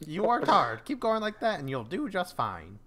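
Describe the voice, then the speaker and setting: A man voicing an encouraging male pigeon teacher from a dating game, speaking in a raised, loud, upbeat voice. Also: high voice, huge pitch swings, moderate pace, over a noisy crowd, pitched above the performer's own voice, heavily acted.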